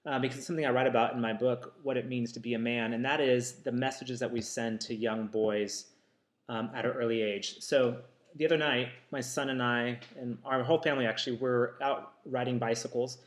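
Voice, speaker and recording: A man talks straight to his listeners in a casual, reflective way, often stopping with ums and starting over. His voice sits at a middle pitch, and the room gives it a clear echo. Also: steady tone, a little fast. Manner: reflective, many ums and restarts. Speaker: author and counselor. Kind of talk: casual talk to camera.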